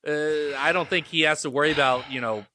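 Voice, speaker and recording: A man co-hosting a casual podcast chat, rambling and halting with lots of fillers. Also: a little high, fairly even intonation, pushed and bright. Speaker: podcast co-host.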